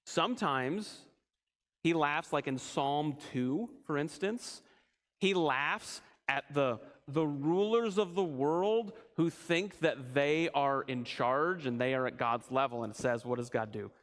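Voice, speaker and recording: A man with a somewhat high voice teaches a church Bible study. He talks casually and keeps quizzing the group with questions as he explains. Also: slow pace, a bit bright.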